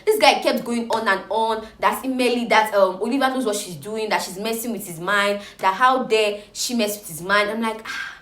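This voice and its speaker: A woman chattily recapping reality TV gossip, animated and exclaiming. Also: mid-range voice, moderate pace, few pauses, reverberant.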